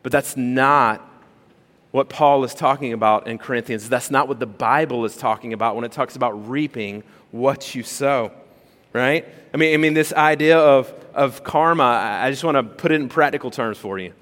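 A male pastor preaches in a conversational, animated style, tossing rhetorical questions at his congregation. His voice sits at an ordinary middle pitch. A long reverb from a large church hall hangs on every phrase. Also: normal speed. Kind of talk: sermon.

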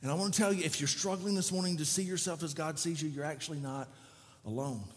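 A male pastor preaching a sermon, animated and sometimes shouting, sometimes conversational. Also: fairly high pitch, fast, in a large hall.

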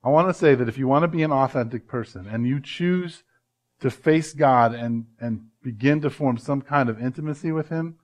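A man, a pastor, preaching a sermon with emphatic swings from loud to hushed and slowing down to stress words. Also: medium pitch.

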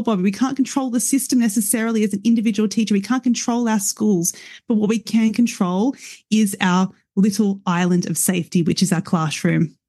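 A woman's voice: medium pitch, warm tone. A woman with a mid-range voice hosts a podcast conversation, passionate and affirming. Her voice is recorded dry, without echo. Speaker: podcast host. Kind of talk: casual interview conversation.

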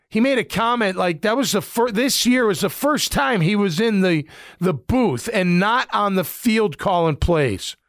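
Middle-aged ex-football guy ranting about his team, high voice, dry close sound, lots of ums. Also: smooth, dry recording. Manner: blunt, rambling, lots of fillers. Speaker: former football player turned commentator. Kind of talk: casual sports commentary.

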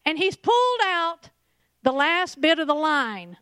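High-voiced woman preaching animatedly. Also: unhurried, no room sound. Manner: animated, laughing, acting out scenes. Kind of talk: lively sermon.

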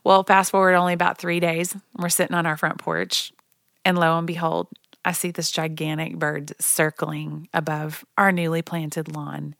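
A woman's voice: sits low, level tone, normal speed, gravelly, fairly bright tone, no echo, studio quality. A woman from Oklahoma telling a chatty, self-deprecating story in a casual monologue, laughing now and then as she talks.

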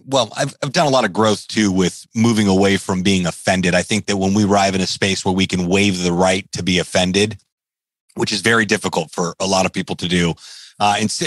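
A male podcast host with a low voice talks casually and tells stories with lots of "um" and "you know". His voice is close and dry, with no room sound. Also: no room sound. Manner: lively storyteller, many fillers. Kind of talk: casual interview chat.

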